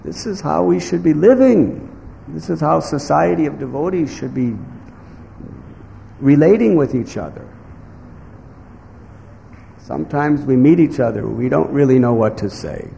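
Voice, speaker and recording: A man giving a devotional sermon in slow, emphatic phrases, now and then acting out what others might say. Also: fairly high pitch, creaky, dark tone, highs cut off. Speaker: spiritual teacher. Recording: echoey hall with faint background noise.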